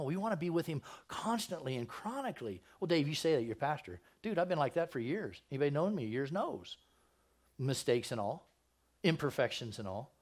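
A man preaching as a pastor, casual and joking with slangy asides, who also reads scripture aloud and stumbles over the names. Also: medium pitch. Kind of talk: sermon.

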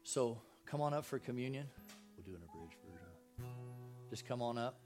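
A man's voice: mid-range voice, animated, normal speed, a little mellow, faint music behind. A man pastoring a church, preaching a sermon in a casual, joking way and asking his congregation questions. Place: church sanctuary.

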